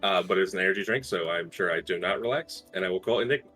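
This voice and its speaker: A man's voice: sits low, fast, pushed and bright, soft background music. A man playing a tabletop role-playing game, earnest and intense, swearing freely. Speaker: player.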